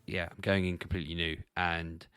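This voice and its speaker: A man's voice: low-pitched, level tone, fairly quick, a bit bright, clear, resonant tone, dry recording, clean studio sound. A man hosting a casual gaming podcast, thinking aloud with restarts and sudden exclamations. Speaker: podcast host. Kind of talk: casual chat about video games.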